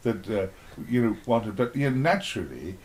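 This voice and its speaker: A man's voice: on the low side, sing-song, moderate pace, darkish tone. An older man, an actor being interviewed, reminiscing in a rambling, playful way and acting out little exchanges as he tells them.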